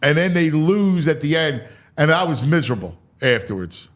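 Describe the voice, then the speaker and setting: Excitable sports talk host. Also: male voice, normal speed. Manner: excitable storyteller, voice climbs high when animated. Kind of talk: animated podcast chat.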